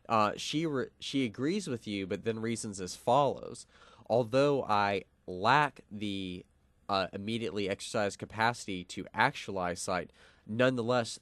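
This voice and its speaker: A man's voice: lowish voice, no echo. A young man co-hosting a college radio show, explaining a philosophical argument with lots of fillers and restarts. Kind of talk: casual philosophical discussion.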